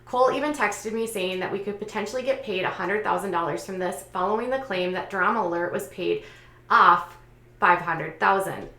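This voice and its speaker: A woman's voice: mid-range voice, normal speed, bright, forceful tone. Woman recapping online drama in a roomy space. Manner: conversational, recounting with frequent fillers. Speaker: commentary channel host. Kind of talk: reading out and commenting on online posts.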